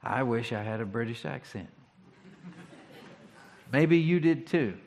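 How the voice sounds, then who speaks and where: Man, pastor, conversational sermon, mid-range pitch, long hall reverb. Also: animated, measured pace, a little mellow. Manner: conversational, reflective, with rhetorical questions. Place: church sanctuary.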